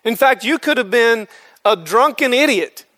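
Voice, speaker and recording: A man's voice: very high voice, animated, normal speed, bright, forceful tone. A man leading a men's Bible study, explaining scripture earnestly and using homespun examples.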